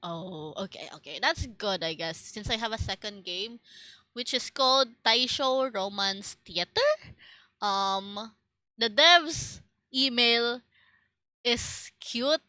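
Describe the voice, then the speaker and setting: A woman's voice: on the high side, takes it slowly, bright, forceful tone, dry recording, poor audio. A young Filipino woman streamer with a Filipino accent, chatting casually and rambling with lots of fillers and restarts. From Philippines.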